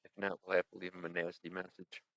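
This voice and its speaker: A man's voice: sits low, completely flat delivery, fast talker, a bit bright, no echo. Rambling man hosting a livestream. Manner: rambling, jokey, talks to viewers. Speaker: livestream host. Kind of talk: casual livestream chat. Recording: dry, dull lo-fi sound.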